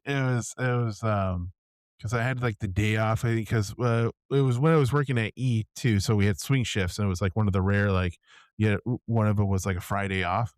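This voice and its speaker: A man's voice: lowish voice, fairly even intonation, fairly quick, dry recording, studio quality. A man co-hosting a podcast, telling a story in casual chat with lots of fillers. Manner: rambling storyteller with many fillers. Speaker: podcast co-host.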